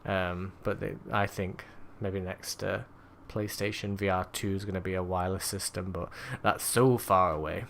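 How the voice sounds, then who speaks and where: A man co-hosting a casual gaming podcast, chatting in a relaxed, rambling way. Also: deep voice, normal speed, creaky, few pauses, slight background noise. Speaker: podcast co-host.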